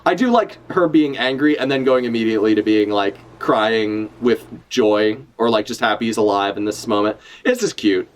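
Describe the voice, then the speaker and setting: A man's voice: on the low side, moderate pace, few pauses. A young man streaming a live reaction, talking casually with lots of swearing and filler words. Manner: casual, profane, full of fillers.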